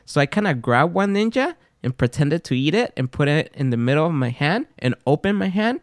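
This man hosts a podcast, spinning stories in casual conversation with frequent laughter and lots of animation. His voice sits on the high side and runs a little fast, in studio quality with no room sound.

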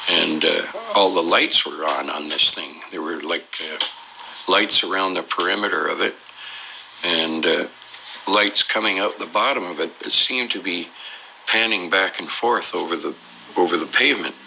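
A man's voice: low-pitched, moderate pace, vocal fry, pushed and bright, slight background noise, rough recording. A man casually recounting a story at length, rambling with many fillers and restarts and acting out the quoted voices of others. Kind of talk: casual spoken anecdote.

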